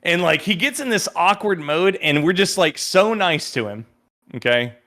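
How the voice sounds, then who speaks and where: Bright-voiced man telling a story. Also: sits high, moderate pace. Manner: animated storyteller who acts out quotes. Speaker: podcast guest. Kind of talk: casual storytelling.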